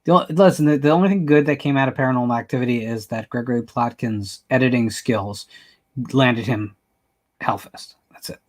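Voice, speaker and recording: A man's voice: mid-range voice, fairly quick. A man hosting a podcast, chatting casually with wry humor and telling stories. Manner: talkative, wry, storytelling. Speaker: podcast host. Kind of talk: casual chat.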